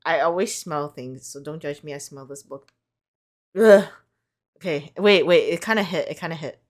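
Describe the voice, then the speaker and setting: A young woman reading tarot, chatting casually and excitedly, rambling with fillers and casual swearing. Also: low voice. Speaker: tarot card reader.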